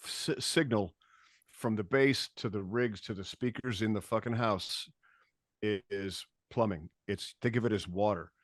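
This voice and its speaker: A man with a lowish voice telling backstage stories as a podcast guest, loose and animated, swearing freely and acting out what people said. The sound is close and dry, with no room around it. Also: unhurried, dry recording. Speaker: podcast guest, bass tech. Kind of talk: casual storytelling chat.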